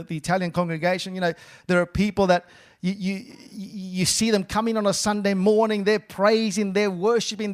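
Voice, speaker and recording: High-voiced pastor preaching a sermon. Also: male voice. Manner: repeats words, call-and-response with the church.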